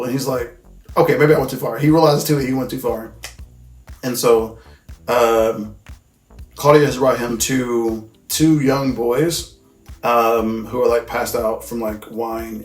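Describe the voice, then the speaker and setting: A man's voice: mid-range voice, steady tone, takes it slowly. Rambling man recapping a film, echoey room. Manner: loose, rambling and profane, full of "like" and "you know what I mean". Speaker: host. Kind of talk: casual movie recap. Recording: echoey room with faint music.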